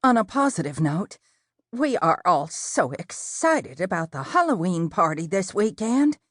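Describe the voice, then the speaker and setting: A woman's voice: fairly low pitch, sing-song, measured pace, dry recording, clean studio sound. A woman voicing a chatty innkeeper lady. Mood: friendly. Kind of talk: audiobook character dialogue.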